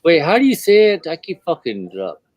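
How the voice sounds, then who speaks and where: A man's voice: a little high, wildly swooping pitch, brisk, a little mellow, no room sound. A man co-hosting a casual livestream, blunt and teasing, swearing often. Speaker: livestream co-host.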